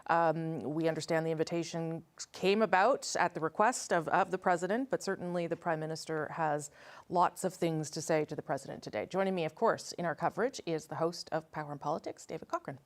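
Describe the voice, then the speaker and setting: A woman news anchor leading live special coverage, crisp and conversational, with some fillers. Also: deep voice, a little fast.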